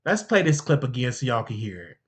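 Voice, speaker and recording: A man's voice: medium pitch, very animated, brisk, slightly rough. A man hosting a show, delivering a heated, theatrical comedic rant full of stammered outrage and asides to a sidekick. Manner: addresses a sidekick and the audience. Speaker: show host.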